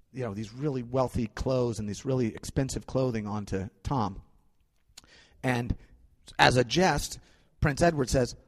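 Man retelling a story in a reverberant hall. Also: mid-range voice. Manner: conversational, animated retelling that often restarts phrases. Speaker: speaker retelling a classic story to an audience. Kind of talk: informal spoken storytelling.

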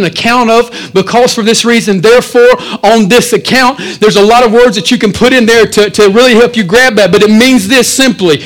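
A man, the pastor, preaching a sermon in a church, swinging between loud, animated stretches and quiet asides. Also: high voice, rough recording.

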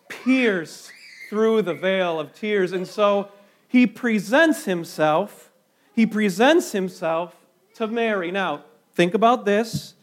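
A man preaching a sermon as pastor, slow and emphatic, with dramatic pauses and sudden drops to a hush. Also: sits high.

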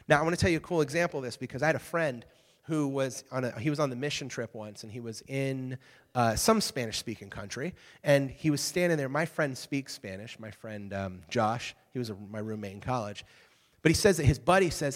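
A young adult man preaching a casual youth sermon, telling stories with lively, conversational check-ins to his listeners. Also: medium pitch, fairly quick. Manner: conversational, animated storytelling with frequent "okay?" check-ins. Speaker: youth pastor. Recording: hall reverb.

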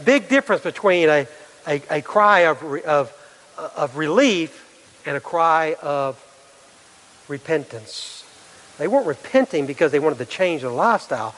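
A man's voice: on the high side, lively intonation, unhurried, a bit bright. A middle-aged male pastor preaching a sermon, earnest, full of rhetorical questions and restarts. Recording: long hall reverb.

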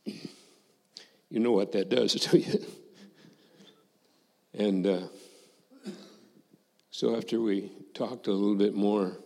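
Slow older man giving a testimony. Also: fairly low pitch, steady tone, gravelly, a little mellow, in a large hall. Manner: slow, reflective storytelling with quoted dialogue. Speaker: former missionary giving testimony. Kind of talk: personal testimony to a congregation.

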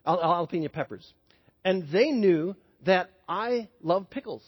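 A man's voice: high-pitched, lively intonation, measured pace, slightly rough. A man preaching a sermon in a conversational way, often asking the congregation questions as he tells a story. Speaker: pastor. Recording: dull sound with long hall reverb.

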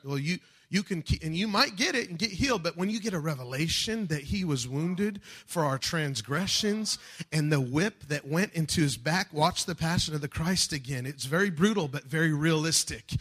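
A man preaching a sermon, building from calm teaching to fervent shouted passages. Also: high voice, moderate pace. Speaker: pastor.

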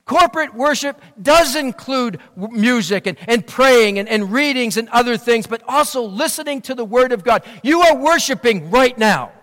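Male pastor, high voice, earnest preaching that swells and drops, heard in a big reverberant church. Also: expressive, normal speed, few pauses, fairly bright tone. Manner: earnest, rising and falling preaching delivery. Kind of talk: sermon. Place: church sanctuary. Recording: long reverb of a church hall.

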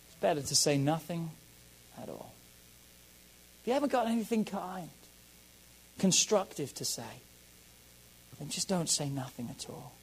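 High-voiced pastor, emphatic sermon. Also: male voice, expressive, measured pace, long pauses, a little hiss or hum, low-quality recording. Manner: emphatic, repeats key phrases, swings between loud and soft.

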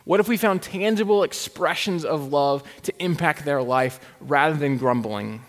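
A man's voice: a little high, moderate pace. Preaching man in a reverberant hall. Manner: conversational preaching with rhetorical questions and wry asides. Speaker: pastor. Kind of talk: sermon.

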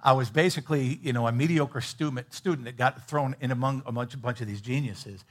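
A middle-aged man preaching a sermon, earnest, moving between loud emphatic bursts and quiet, low asides. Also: brisk. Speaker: pastor.

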